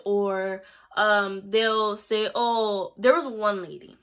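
Young woman rambling about work, bright clear voice, lots of like and you know. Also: medium pitch, steady tone, slow. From Puerto Rico. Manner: chatty, rambling, heavy on fillers. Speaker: pharmacy technician. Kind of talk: casual vlog storytelling.

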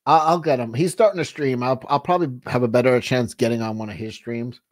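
A man hosts a casual livestream, chatting loosely with his co-host and the viewers. His voice sits at an ordinary middle pitch. He rambles, swears freely and often stops and restarts his sentences. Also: steady tone, brisk. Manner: rambling, profane, frequent restarts.

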